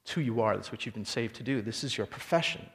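A man preaching a sermon as a pastor, animated storytelling and rhetorical questions. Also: mid-range voice, fast, big-room sound.

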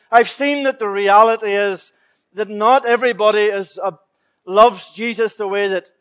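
A man's voice: high-pitched, a bit bright. A male preacher voicing God as a hypothetical figure who speaks in a matter-of-fact, confiding way within a sermon. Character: God, male, revising scripture, dismissive.

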